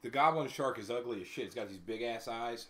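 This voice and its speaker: A man's voice: medium pitch, brisk, fairly bright tone. Joking man co-hosting a casual chat. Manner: joking, laughs often. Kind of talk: casual podcast banter.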